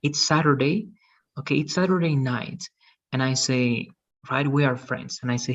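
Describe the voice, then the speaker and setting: A man's voice: medium pitch, moderate pace, fairly bright tone, highs cut off. A man teaching English in an online lesson, patient and repeating "okay" and "right" often, heard over a video call.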